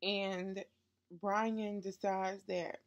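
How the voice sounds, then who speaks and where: Woman vlogger with a stuffy nose, unhurried and chatty, gushing book reviewer. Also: mid-range voice, level tone, muffled recording. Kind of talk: casual book review vlog.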